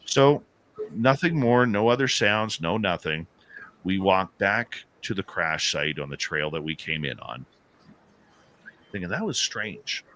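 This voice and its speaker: A man, a paranormal radio host, telling an animated story as an interview guest and acting out the dialogue. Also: sits low, unhurried, pauses often. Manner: animated storyteller who acts out quoted dialogue.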